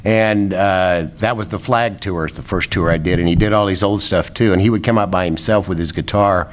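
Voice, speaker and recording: Older man, low voice, rambling, chuckling, casual interview guest. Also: moderate pace. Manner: rambling, chuckling anecdote teller. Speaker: former rock roadie, guest.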